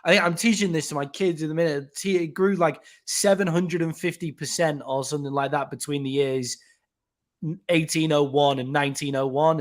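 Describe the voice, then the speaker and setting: A chatty man with a fairly high voice talks in a loose, unscripted podcast style. He swears freely and explains things at length. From England. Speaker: podcast co-host. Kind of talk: casual podcast chat.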